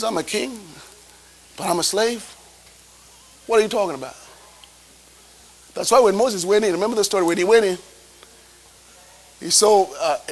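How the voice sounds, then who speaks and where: High-voiced, emphatic preaching man. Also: rough recording. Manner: emphatic, rhetorical questions to the congregation. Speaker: bishop preaching. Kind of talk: sermon.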